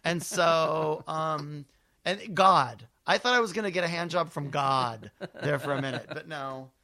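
A man's voice: a little high, a little slow, bright, forceful tone. A man co-hosting a podcast, teasing and crude, telling a long story with lots of energy. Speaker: podcast co-host. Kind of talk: casual comedic chat.

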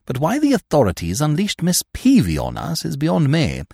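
A man's voice: a little high, huge pitch swings, normal speed, vocal fry, a little mellow, husky, no room sound, studio quality, voice pushed up, heavily acted. A male narrator playing a verbose, drily whimsical young Englishman with ornate, pompous phrasing. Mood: genial.

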